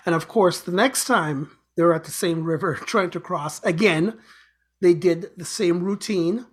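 A man's voice: sits high, unhurried, husky. A man hosting an inspirational show, giving an earnest motivational talk with repeated exhortations and a told fable. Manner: earnest, repetitive urging, exhortations.

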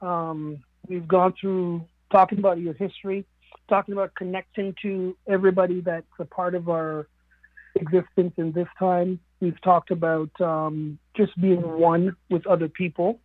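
A man's voice: sits high, level tone, moderate pace, no room sound. A man from the Caribbean speaking on a radio show, talking in an earnest, musing way with many fillers. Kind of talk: reflective radio talk. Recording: narrow phone-like radio sound.

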